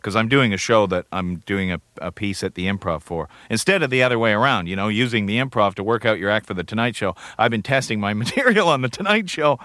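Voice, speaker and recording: A man's voice: fairly low pitch, lively intonation, fast, few pauses, a bit bright, no echo. A comedian from Canada in his forties, giving rambling, wry, self-deprecating interview answers. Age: 40s. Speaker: comedian guest.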